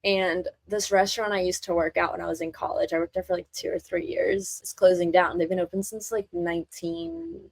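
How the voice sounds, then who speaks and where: Young woman with a low voice on a dry close mic, telling relaxed stories at a steady volume. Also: fairly quick, gravelly, hardly any pauses, no echo. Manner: relaxed, chatty storyteller at an even volume. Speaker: podcast co-host. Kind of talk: casual chat.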